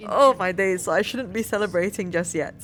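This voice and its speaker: A chatty woman commentates her gameplay, quickly growing excitable and apologising often. Her voice sits at a middle pitch. Faint background noise runs behind her. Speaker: let's play streamer.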